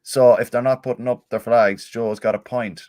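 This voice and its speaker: A man's voice: medium pitch, steady tone, moderate pace, darkish tone, no room sound, clean studio sound. A man co-hosting a casual football podcast, chatting and reading out listener messages. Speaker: podcast co-host.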